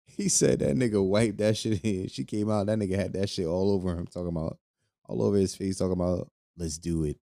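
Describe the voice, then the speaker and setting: A man's voice: sits low, steady tone, fast, gravelly, dark tone, no room sound, studio quality. A young man hosting a casual podcast, talking loosely with lots of profanity and laughing between lines. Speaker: podcast host. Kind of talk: casual solo podcast commentary.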